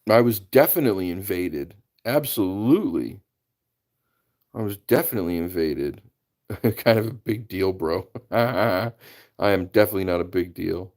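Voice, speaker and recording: Casting note: man, lowish voice, casual chatty livestream host who laughs easily. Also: expressive, moderate pace, a little mellow. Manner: chatty, laughs often, greets viewers by name. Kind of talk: casual live-stream chat.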